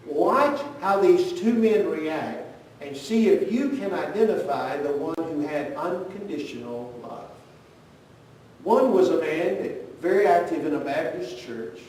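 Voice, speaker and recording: A man preaching a sermon, telling a story earnestly and putting direct questions to his congregation. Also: darkish tone. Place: church sanctuary. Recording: very echoey church, voice from far off, faint rumble.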